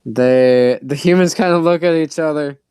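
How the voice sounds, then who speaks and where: A man narrating as game master of a tabletop game in an unhurried, hesitant way with fillers. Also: fairly high pitch, a little mellow, clean tone, no room sound.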